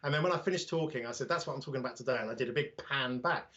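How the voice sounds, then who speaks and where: A man's voice: medium pitch, racing, fairly bright tone, muffled recording. A man with a British accent chatting casually as a livestream guest, telling self-deprecating anecdotes about his drone channel.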